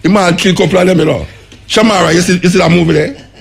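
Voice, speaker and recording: Raspy jamaican radio guy, husky voice, chatting away loose and lively. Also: sits high, quick pace. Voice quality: raspy, gravelly. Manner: animated, laughing, repeats words, patois. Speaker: radio host. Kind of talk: casual on-air chat.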